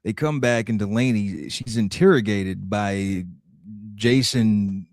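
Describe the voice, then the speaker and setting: A man co-hosting a podcast, summarizing plot points in a relaxed, brief way. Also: lowish voice, slow, dry recording, clean studio sound. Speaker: podcast co-host. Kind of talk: casual recap chat.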